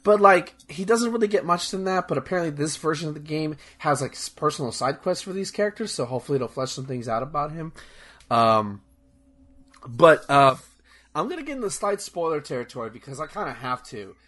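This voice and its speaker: Rambling, enthusiastic young man, slightly high voice. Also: sing-song, a little fast, fairly bright tone. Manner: rambling, enthusiastic, profane, many fillers and restarts. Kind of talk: casual chat.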